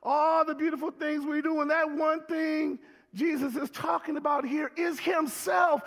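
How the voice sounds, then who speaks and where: A man preaching a sermon, with emphatic call-and-response delivery that rises to shouts. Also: very high voice, fairly even intonation, moderate pace, in a large hall. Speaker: pastor.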